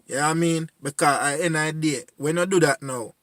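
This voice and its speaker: A man's voice: fairly high pitch, fast, fairly bright tone, dry recording. Pleading Jamaican man, dry close sound. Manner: pleading, repetitive, heartfelt. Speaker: community voice addressing young men. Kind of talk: earnest spoken appeal.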